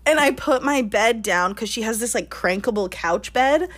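A woman in her twenties telling a lively story on a casual podcast, laughing often and saying "like" a lot. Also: on the high side, moderate pace. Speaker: podcast co-host.

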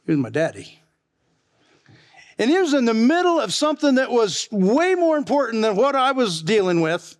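A man's voice: very high-pitched, very animated, normal speed. A middle-aged male pastor preaching a sermon in a folksy, chatty way, telling family stories and chuckling along. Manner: folksy, chatty, laughs at his own stories. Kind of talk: sermon with storytelling.

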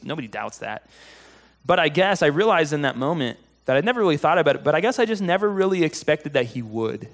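Casual, slightly high-voiced man preaching. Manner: conversational storytelling, animated when excited. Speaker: pastor. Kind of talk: sermon.

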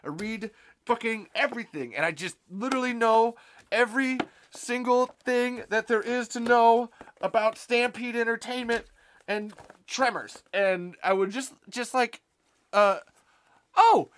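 A young man chatting on a live stream, excitable and rambling, swearing often as he talks. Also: high-pitched. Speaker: podcast host on a live stream. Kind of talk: casual live-stream chat.

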